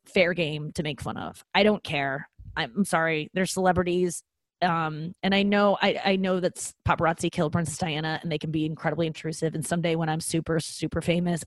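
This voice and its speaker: A woman in her thirties with a lowish voice, talking straight to her listeners in a loose comic monologue. She is frank, self-mocking and profane, full of ums and restarts, and sounds close and dry with no room echo. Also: a little fast. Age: 30s. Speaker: comedian hosting a podcast. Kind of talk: casual comedic monologue.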